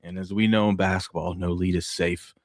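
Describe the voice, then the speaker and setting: A man with a lowish voice rambles through game recaps and family stories on a morning sports podcast. His delivery is excitable and loose, with lots of fillers. The sound is dry and close. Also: a little fast, dry recording. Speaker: podcast co-host. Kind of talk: casual sports chat.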